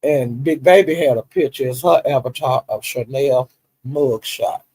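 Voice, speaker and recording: On a rough recording, a man with a mid-range, husky voice takes his time retelling online drama during a casual livestream. It's gossip commentary, and he's an animated storyteller who laughs and acts out the quotes.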